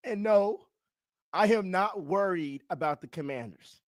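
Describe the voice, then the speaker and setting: A man's voice: on the high side, lively intonation, slow, dry recording, clean studio sound. A young man streaming a hyped fan reaction, chanting, singing and trash-talking.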